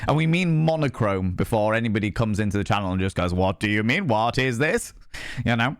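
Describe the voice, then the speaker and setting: A man chatting casually on a live stream, rambling and animated, swearing freely. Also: fairly low pitch, a little fast, clear, resonant tone, dry recording, studio quality.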